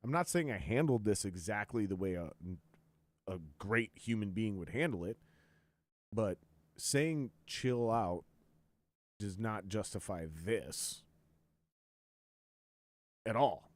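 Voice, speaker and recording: A man hosting a podcast, telling stories in a profane, ranting way and loudly acting out what others said. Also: fairly low pitch, expressive, takes it slowly, pauses often, no room sound. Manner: profane, ranting storyteller, quotes others in raised voice. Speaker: podcast host. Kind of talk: casual chat.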